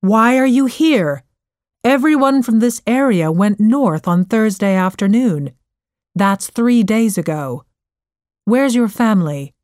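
A woman's voice: a little high, animated, slow, a little mellow, no room sound. A woman reading a story, voicing a curt, commanding male soldier in a voice close to her own. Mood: stern. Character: brisk male soldier on duty.

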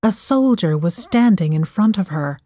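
A woman narrating an audiobook story in a clear, measured voice. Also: fairly low pitch, expressive, warm tone, no echo.

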